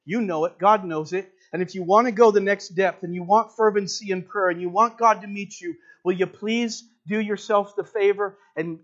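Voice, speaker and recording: A man with a fairly high voice preaches a sermon, emphatic and swinging between loud pleading and soft, quiet lines. The recording is somewhat dull and lo-fi. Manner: emphatic, swells loud then drops soft.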